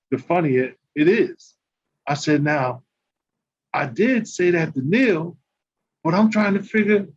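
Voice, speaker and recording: An older man, a podcast guest and former basketball player, telling casual stories and acting out the dialogue with laughter. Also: high-pitched. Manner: animated, acts out quoted dialogue, laughs while telling. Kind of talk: casual anecdote storytelling. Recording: slightly muffled with faint background noise.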